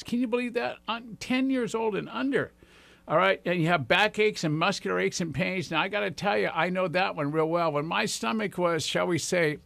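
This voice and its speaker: Gravelly sixty-something guy on the radio, high-ish voice, dry close sound, fired up and rambling at the listeners. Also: a bit bright, no echo. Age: 60s. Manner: enthusiastic, rambling, addresses listeners directly. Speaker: radio show host. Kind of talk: motivational radio talk.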